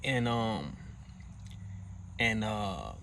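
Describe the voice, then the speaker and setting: A man's voice: fairly low pitch, expressive, very slow, creaky, pushed and bright, a little hiss or hum. A man casually recounting a personal story in profane slang, acting out quoted lines in a raised voice. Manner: profane slang-heavy talk.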